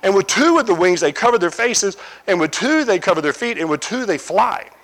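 A man preaching a sermon, telling a scripture scene as a vivid, animated story. His voice sits high for a man. His intonation swings widely as he leans into each image. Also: brisk. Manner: animated storytelling, imaginative asides.

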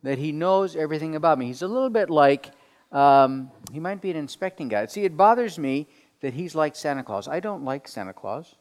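A man leading a group Bible study in a conversational sermon style, asking questions and swinging from soft to emphatic. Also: on the high side, expressive, a little fast. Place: room with people around tables. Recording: long hall reverb.

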